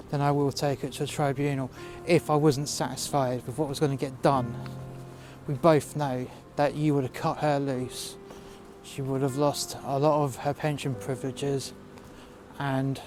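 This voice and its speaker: A man telling a fictional workplace story as an aggrieved, profane rant, recorded outdoors in the cold. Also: medium pitch.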